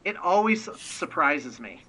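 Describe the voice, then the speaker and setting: A man's voice: on the high side, very animated, a little slow, sharp tone, rough recording. An American man, a miniature painting business owner, chatting as a guest on a remote interview and rambling with many restarts. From United States. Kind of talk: casual interview chat.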